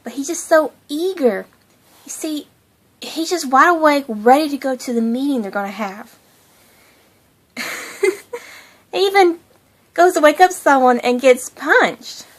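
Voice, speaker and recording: A woman's voice: sits high, animated, normal speed. A young woman hosting her own fan channel, chatting casually about a cartoon in a gushing, giggly way.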